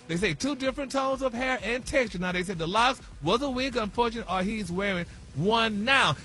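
Flamboyant high-voiced man dishing gossip. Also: a bit bright. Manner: flamboyant, sassy, says honey and y'all. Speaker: radio show co-host doing gossip. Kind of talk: radio gossip segment. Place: radio studio.

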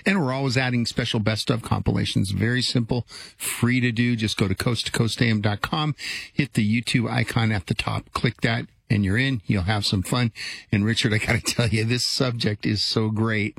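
A man's voice: lowish voice, fairly even intonation, normal speed, vocal fry, breathy edge, no room sound. A man bantering on a late-night radio show, playful and teasing. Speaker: radio show producer, co-host. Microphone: studio microphone.

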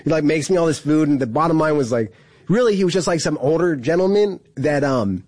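A man telling a story in a casual, animated way, full of fillers and quick laughs. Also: on the high side, dry recording.

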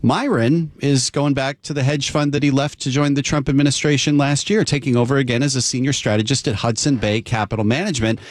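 A man co-anchoring a radio business news show, reading a story in a relaxed way with some uhs. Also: mid-range voice, brisk, few pauses, no echo. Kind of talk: news reading and casual co-host chat.

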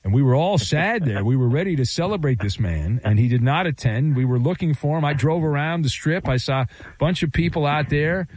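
A man's voice: on the high side, animated, fairly quick, a little mellow. Teasing sports radio host man. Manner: teasing, showman delivery. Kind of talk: sports talk radio banter.

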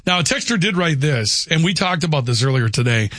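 A man's voice: fairly high pitch, expressive, fairly quick, a bit bright, dry recording, studio quality. A man hosting a radio show who reads listener texts and teases his guest in a playful way. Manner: playful, teasing. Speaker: radio host. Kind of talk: casual radio chat.

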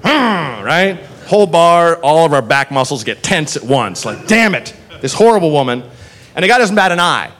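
A male comedian telling a profane, animated stand-up story. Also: a little high, normal speed, hardly any pauses. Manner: animated, profane, swings into character voices.

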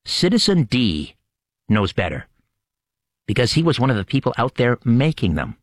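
A man hosts a late-night radio show in a dramatic, storytelling manner. His pitch rises and falls in a lively way. The sound is close and dry, with no room around it. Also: no room sound. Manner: dramatic, measured storytelling delivery. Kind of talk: scripted show opening narration.

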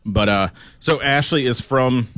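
A man co-hosting a casual radio talk show, joking and animated. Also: medium pitch, no echo, studio quality. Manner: joking, animated, quick asides. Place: radio studio.

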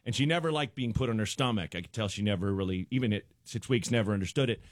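A man's voice: lowish voice, fast talker, dry recording, clean studio sound. A middle-aged man, a guest comedian, telling funny stories in casual chat, acting out quotes and laughing often. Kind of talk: comic storytelling in casual chat.

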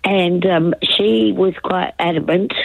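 Older woman caller, elocution-trained Australian accent, gravelly and husky, tinny phone line, rambling. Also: fairly low pitch, fairly even intonation, no echo. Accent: crisp elocution-trained Australian. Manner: rambling, chatty, halting with many ums. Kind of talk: casual phone-in chat. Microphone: telephone.

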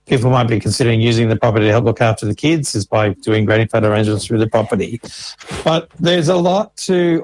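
A man's voice: mid-range voice, darkish tone, rough recording. Man patiently explaining step by step. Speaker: Services Australia financial information officer. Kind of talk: explanatory interview answers.

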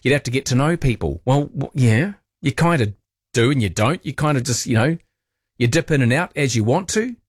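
Chatty New radio host, dry studio sound. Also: male voice, mid-range voice, lively intonation, fairly quick, breathy edge, no room sound. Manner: chatty, playful, joking asides. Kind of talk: casual radio chat. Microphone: studio microphone.

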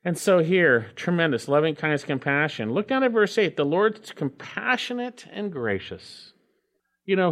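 A man's voice: on the high side, a bit bright. A middle-aged man preaching a sermon, earnest and emphatic, repeating key phrases for weight. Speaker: pastor.

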